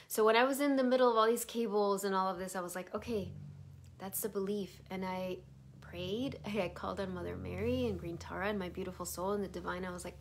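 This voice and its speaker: Soft-spoken woman giving a spiritual talk. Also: medium pitch, steady tone, fairly quick, slight background noise. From Chicago area. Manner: soft, meandering, drops to a whisper at times. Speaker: spiritual teacher.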